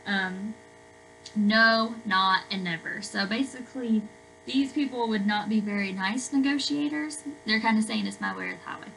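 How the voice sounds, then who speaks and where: Woman teacher, slightly gravelly voice, chatty explainer with lots of fillers, remote class lesson. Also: medium pitch, normal speed, fairly bright tone, faint music behind, poor audio. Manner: chatty, explains with everyday examples, many fillers. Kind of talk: recorded remote English lesson.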